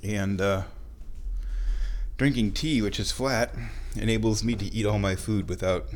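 A man's voice: lowish voice, steady tone, a little slow. A man with stuffed-up sinuses hosting a podcast, talking in a casual, playful, digressive monologue while walking around his home. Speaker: podcast host. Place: at home, walking between rooms.

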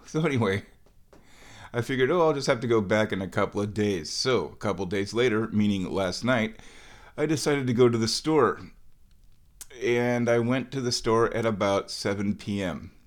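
Walking from room to room at home, a man vlogs a meandering everyday story in a relaxed, chatty manner. He speaks at a medium pitch and a moderate pace.

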